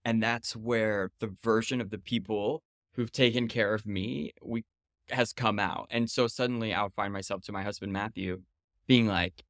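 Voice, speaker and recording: A man's voice: fairly low pitch, normal speed, fairly bright tone, no echo, clean studio sound. A man in his thirties, a podcast guest talking casually and chattily, full of fillers and quoted retorts. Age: 30s.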